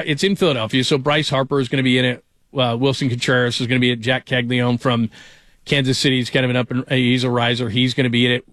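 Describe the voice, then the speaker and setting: A middle-aged man hosting a casual sports talk show, telling stories and getting animated when amused. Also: medium pitch, no room sound.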